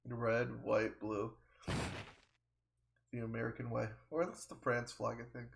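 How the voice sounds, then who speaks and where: A man's voice: medium pitch, completely flat delivery, unhurried, gravelly. Casual male streamer thinking aloud. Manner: rambling, self-deprecating, thinks aloud. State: coughing. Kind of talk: casual let's-play commentary.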